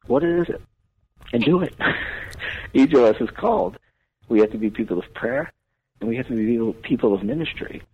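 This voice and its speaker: A man's voice: medium pitch, very animated, moderate pace, vocal fry, long pauses, breathy edge. A man, a priest, talking earnestly on a radio talk show with a preaching cadence. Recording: tinny phone-line radio audio.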